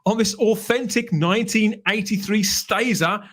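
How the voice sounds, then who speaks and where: A man's voice: high voice, normal speed, a bit bright. A man hosting a live panel stream, chatty and upbeat, reading out the chat. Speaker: host.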